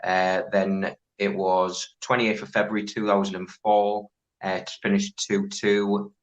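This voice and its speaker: Deep, flat-voiced stats man. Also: a little slow. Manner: methodical, steady, lots of ums. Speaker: stats co-host. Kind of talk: reading out statistics on a podcast. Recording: dull lo-fi audio.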